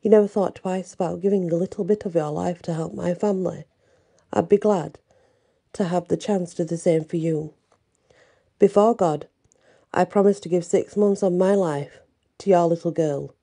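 A woman reading an earnest, grateful prisoner in a storybook tale, speaking with heartfelt sincerity. The voice is low, mellow and breathy. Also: fairly even intonation, moderate pace.

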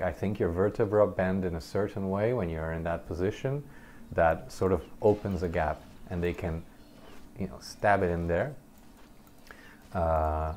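A man casually telling a personal story over gameplay, animated and halting, often laughing between sentences. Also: low voice. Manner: halting, many restarts. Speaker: gameplay commentator.

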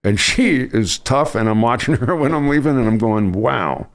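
A man's voice: mid-range voice, moderate pace. A man, a veteran radio broadcaster, guesting on a podcast, telling rambling emotional stories in casual conversation.

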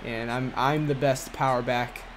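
A man's voice: medium pitch, fairly even intonation, unhurried, fairly bright tone, a little hiss or hum, voice pushed down, close to an everyday voice. A man voicing a cocky young running back. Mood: boastful. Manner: boastful trash talk.

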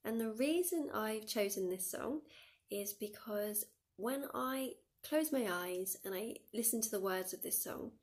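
A woman's voice: medium pitch, unhurried. A woman, a school music teacher recording a lesson for her pupils, who counts them in and sings the lines to show how they go. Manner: encouraging, counts pupils in and demonstrates by singing. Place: dim room.

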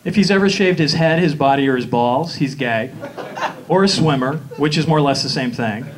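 A man's voice: medium pitch, normal speed. A man from Atlanta with a Southern accent doing a campy, sly stand-up comedy routine on a live stage. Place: live stage before an audience. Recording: live show with crowd noise. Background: audience laughter.

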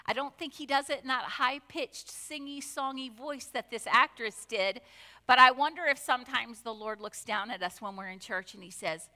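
A woman's voice: a little high, normal speed, pushed and bright, in a large hall. A woman pastor preaching a conversational sermon, full of asides and rhetorical questions. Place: church sanctuary.

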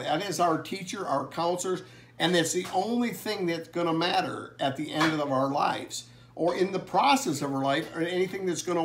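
A man preaching a family blessing sermon, earnestly reading scripture slowly and with emphasis. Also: fairly high pitch.

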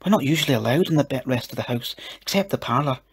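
A man voicing a bold, matter-of-fact young girl who speaks in a soft, steady whisper. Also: medium pitch, fast talker, slightly rough, pitched above the performer's own voice.

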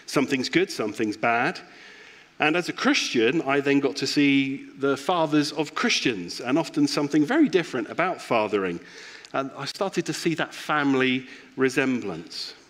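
A man's voice: medium pitch, expressive, normal speed, a bit bright. A man giving a reflective, personal sermon as a church pastor.

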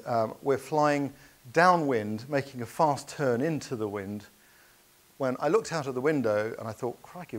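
Male speaker, storytelling keynote, earnest, anecdotal, halting fillers. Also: medium pitch.

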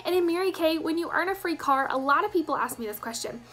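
A woman's voice: very high voice, animated, quick pace, a bit bright, faint music behind. A woman, telling her story as a sales director with enthusiastic emphasis. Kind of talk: personal testimonial.

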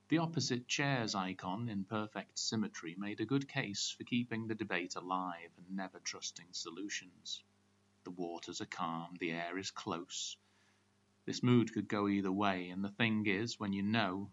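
A man recites spoken word poetry in a measured, rhythmic way. His voice is lowish. The recording sounds dull and lo-fi, with a faint hum beneath it. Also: fairly bright tone.

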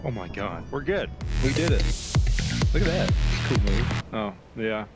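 Young male gamer, panicky screamer, cursing at friends over loud music, headset mic. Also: medium pitch, expressive, a little slow. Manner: panicky screaming and swearing, trash-talking teammates. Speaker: gaming video creator. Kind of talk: casual gaming banter.

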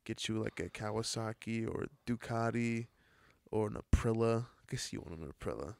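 A young man, a podcast guest, bantering in a profane, teasing and animated way late at night. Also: lowish voice, moderate pace, gravelly, no room sound. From United States.

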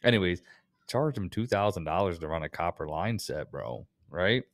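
Man, American accent, deep low voice, casual storytelling, swears a lot, dry close sound. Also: animated, moderate pace, no echo. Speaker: podcast co-host, HVAC technician. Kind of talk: casual chat.

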